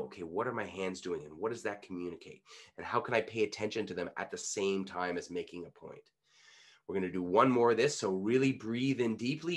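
Energetic male speaking coach. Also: low-pitched. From Canada. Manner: energetic, coaxing, demonstrative. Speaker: pitch coach. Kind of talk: online speaking workshop.

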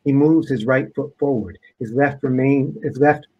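A man, an author, reading aloud from his own book in a measured, deliberate way. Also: medium pitch, dull audio.

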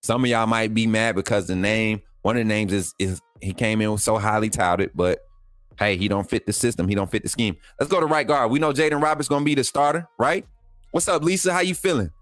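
A man's voice: on the low side, a little fast, no room sound, soft background music. A man, hosting a live sports stream in a chatty way, repeating himself and talking straight to his viewers. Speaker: sports channel host.

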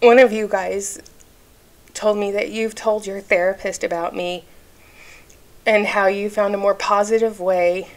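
A woman talking straight to the camera in a vlog rant. She sounds indignant and emphatic and keeps stopping to ask "okay?". At times she gets emotional while she talks. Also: mid-range voice. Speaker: YouTube commentary creator.

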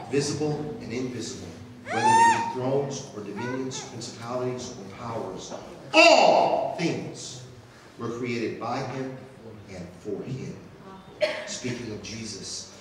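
A pastor preaching a sermon to his church, swinging from hushed passages to shouted ones. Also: mid-range voice. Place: church sanctuary. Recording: echoey hall, distant mic, audible noise.

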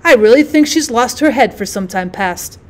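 A woman's voice: a little high, lively intonation, normal speed, a little mellow, lightly acted. A woman reading the lines of a cheerful middle-aged husband who teases and banters. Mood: jovial. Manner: jovial, bantering.

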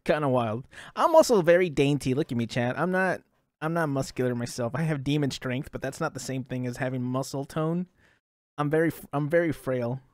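A young man streaming reactions, talking in an excitable, rambling way and laughing between thoughts. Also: mid-range voice, brisk, dry recording, clean studio sound. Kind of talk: casual reaction commentary.

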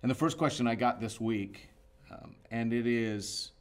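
A male pastor preaching a sermon, moving from loud emphasis to hushed, quiet passages. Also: medium pitch, unhurried. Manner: expressive preaching, swinging between loud emphasis and hushed asides.

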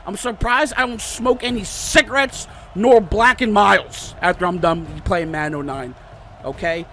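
A young man commentating his own football video game, calling plays in casual slang and breaking into shouts and yelps at the big moments. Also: high voice, normal speed, slight background noise. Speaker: gaming YouTuber. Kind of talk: excitable play-by-play gaming commentary. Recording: music playing behind.

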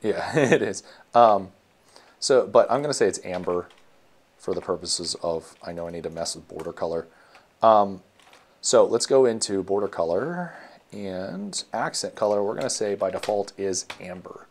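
A man walking through his code in a casual screencast, thinking aloud with many ums and self-corrections. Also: on the low side. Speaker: web developer teaching. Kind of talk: casual screencast coding walkthrough.

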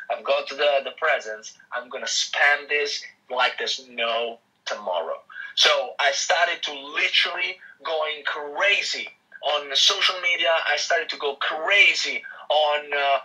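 A man's voice: a little high, slightly rough, poor audio. A man from Italy with an Italian accent, a real estate agent telling his story as an interview guest and acting out the dialogue. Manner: animated, acts out quoted dialogue, frequent restarts.

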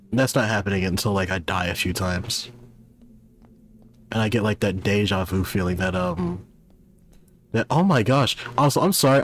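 A man's voice: lowish voice, a little hiss or hum. Chatty male gamer narrating his play. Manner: chatty, self-deprecating, rambling asides. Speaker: gaming youtuber. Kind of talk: casual let's-play commentary. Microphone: desk microphone at a gaming setup.

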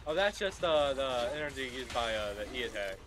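A man's voice: medium pitch, expressive, brisk. A young man casually commenting on a video game as he plays, goofy and rambling, calling people brother. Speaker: gaming YouTuber.

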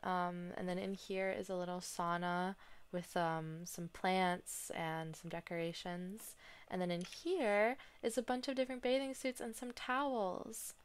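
A woman's voice: fairly low pitch, measured pace, clean tone. Chatty woman playing a farming game. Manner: chatty, excitable, dramatic groans. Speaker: gaming streamer. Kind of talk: casual gameplay commentary. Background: soft game music.

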